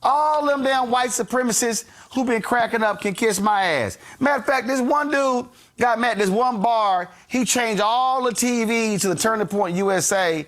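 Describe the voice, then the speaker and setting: A man in a played clip telling a mocking story in an animated, profane way. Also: very high-pitched, normal speed, hardly any pauses. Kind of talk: comedic storytelling commentary.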